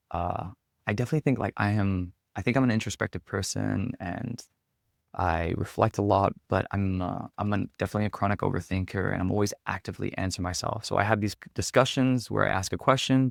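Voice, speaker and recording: A performance coach appearing as a podcast guest tells his story reflectively and candidly in a fairly low, gravelly voice. His loose speech is packed with casual filler words, and the sound is dry and close with no room echo.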